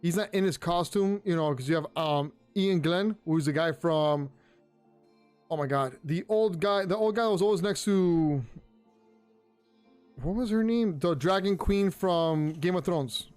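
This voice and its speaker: A young man with a high voice talks through his reviews in a loose, rambling way. He restarts sentences often and gets excited in quick asides. Soft music plays faintly behind him. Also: no room sound. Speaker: podcast host. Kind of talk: casual review chat. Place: home room.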